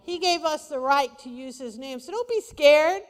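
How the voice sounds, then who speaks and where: A woman pastor preaching a sermon, lively and conversational, with playful asides to the congregation. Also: sits high, normal speed. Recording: long hall reverb.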